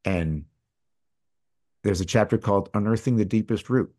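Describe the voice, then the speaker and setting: Candid low-voiced middle-aged man. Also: moderate pace. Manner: candid, rambling, swings between loud and hushed. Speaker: podcast guest. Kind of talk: casual storytelling.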